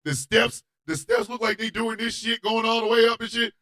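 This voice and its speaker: A man hosting a radio show, telling a comedic story in a loud, animated, profane way and often shouting. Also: very high voice, normal speed, slight background noise.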